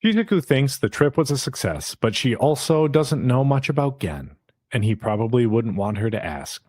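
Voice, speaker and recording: A man's voice: mid-range voice, moderate pace. Guy on a podcast retelling an anime ep, voice jumps around a lot, swears casually. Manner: animated retelling, acting out characters' lines. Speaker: podcast host recapping an episode. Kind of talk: casual recap chat.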